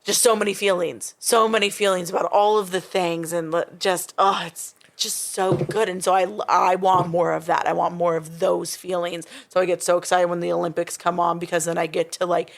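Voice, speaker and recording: Young woman, podcast guest, gravelly, lowish, rambling casual chat. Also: little pitch movement, moderate pace, few pauses. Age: young adult. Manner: rambling, many fillers and restarts.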